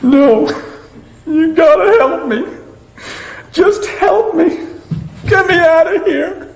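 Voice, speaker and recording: A young man breaks down, begging and wailing in an exaggerated, mocking way, as a male commentator puts him on. The voice jumps well above the speaker's usual pitch into a thin, pleading cry. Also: slow pace, creaky, echoey room, exaggerated voice, rough recording. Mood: mock sobbing.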